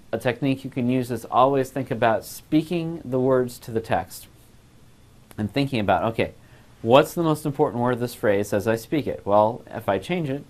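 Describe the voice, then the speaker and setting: A man teaching a voice class, explaining phrasing and breaking into short sung examples. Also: mid-range voice. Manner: explains clearly, sings short demonstration phrases. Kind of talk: recorded music lesson.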